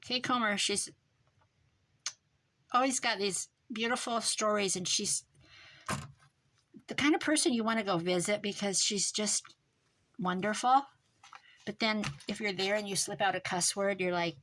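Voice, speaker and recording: A woman making a craft journal, chatting casually as she works and muttering to herself with quick self-corrections. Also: mid-range voice, fairly bright tone, a little hiss or hum. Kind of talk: casual crafting vlog, talking while working.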